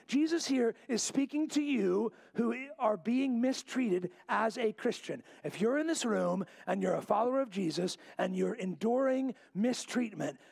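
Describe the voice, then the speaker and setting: A man preaching a sermon in a church, repeating key lines and dropping to a low, quiet voice to stress them. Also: vocal fry, husky. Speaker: pastor. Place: church sanctuary.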